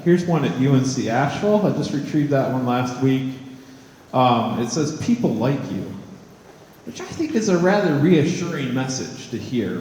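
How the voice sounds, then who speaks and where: In a large, echoey hall with long reverb, a man who is an artist and college professor gives a wry, joking, conversational talk to an audience. His voice is medium-pitched and a little mellow.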